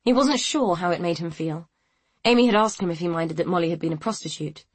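A woman reading a novel aloud in a measured, even storytelling manner. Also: on the low side, husky, no room sound. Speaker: audiobook narrator. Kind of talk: scripted narration.

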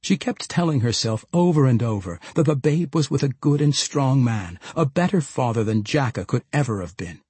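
A man reading a fantasy novel aloud as an audiobook narrator, with measured, steady storytelling. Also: medium pitch, breathy edge, no room sound.

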